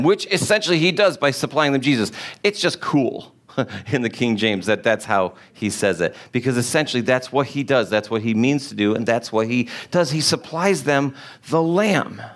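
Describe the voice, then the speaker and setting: A man preaching a sermon, animated, with emphatic rhetorical questions. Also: mid-range voice. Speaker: pastor.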